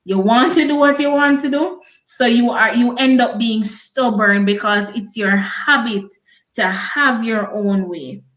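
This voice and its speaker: A woman co-hosting a talk show, sharing reflections in a measured, reassuring way. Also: on the high side, fairly bright tone. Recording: echoey room.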